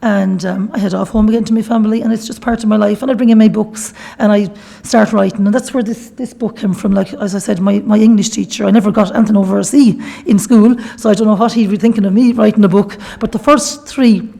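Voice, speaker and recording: Quick, gravelly Irish woman telling her story. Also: mid-range voice, fairly even intonation, warm tone. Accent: Irish, Galway. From Ireland. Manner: chatty storytelling, acting out quoted dialogue. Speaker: guest speaker. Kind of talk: personal testimony talk. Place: shrine workshop hall.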